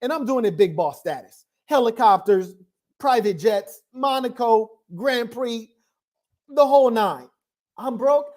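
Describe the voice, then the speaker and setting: A man's voice: very high-pitched, lively intonation, measured pace, darkish tone. A man hosting a reaction podcast, boasting and mocking a rival in commentary. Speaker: podcast host.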